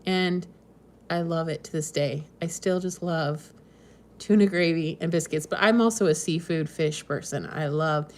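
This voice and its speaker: A woman's voice: deep voice, normal speed, darkish tone. A woman from the West Coast hosting a casual live stream, chatting and reading viewer comments in a meandering way with frequent ums and small laughs. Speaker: homesteading channel host.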